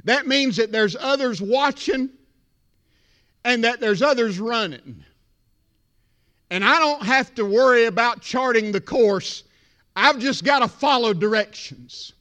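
A male pastor preaching a sermon, building from quiet talk to shouted crescendos. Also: extremely high pitch, unhurried, pauses often.

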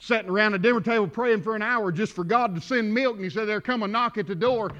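A man preaching a sermon, telling folksy stories that build to shouting. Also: high-pitched, quick pace, highs cut off. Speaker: pastor.

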